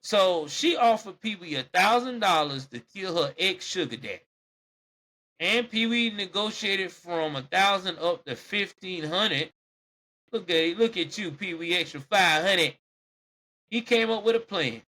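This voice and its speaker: A man's voice: high voice, expressive, unhurried, bright, forceful tone. A man hosting a podcast, telling a true-crime story casually and animatedly, with exclamations and laughter. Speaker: podcast host.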